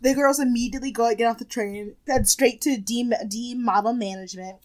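A woman's voice: fairly high pitch, fairly quick, a little mellow, low-quality recording. A woman co-hosting a casual podcast, chatty and sarcastic, swearing freely as she recaps a show. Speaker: podcast co-host. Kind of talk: casual chat.

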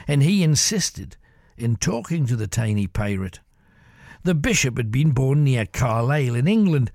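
A man telling a grisly tale in a measured, dramatic storytelling manner as the show's host. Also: on the high side, vocal fry, a little mellow, dry recording, studio quality.

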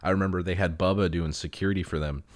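Man, young adult, very deep voice, casual rambling chat, swears, laughs a lot. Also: fairly even intonation, fast talker. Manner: laid-back, rambling, swears freely, laughs often. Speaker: touring band musician.

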